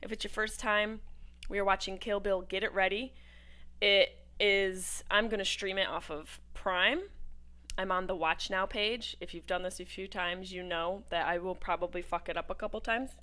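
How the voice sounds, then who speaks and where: A woman hosting a casual livestream watch party, talking in a brash, profane way, jumping from topic to topic with loud bursts of excitement. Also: mid-range voice, moderate pace. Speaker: host.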